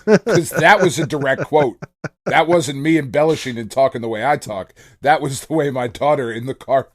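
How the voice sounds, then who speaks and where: A man's voice: mid-range voice, normal speed. A middle-aged man co-hosting a podcast, chatting casually and swearing freely. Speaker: podcast co-host. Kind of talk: casual chat.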